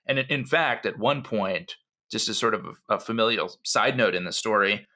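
A man co-hosting a history podcast, telling the story in an animated, conversational way with frequent asides. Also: on the low side, normal speed. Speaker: podcast co-host.

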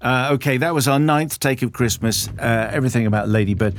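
A British man co-hosting a film podcast, replying calmly and briefly in casual chat. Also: medium pitch, fairly quick, dry recording, studio quality. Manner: calm, brief agreeing replies. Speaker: podcast co-host.

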